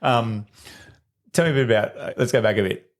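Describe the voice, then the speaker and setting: A middle-aged man with an Australian accent hosting a casual podcast chat, chatty and quick to agree. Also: on the low side, animated. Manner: chatty, quick, affirms with frequent yeahs. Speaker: podcast host, teacher.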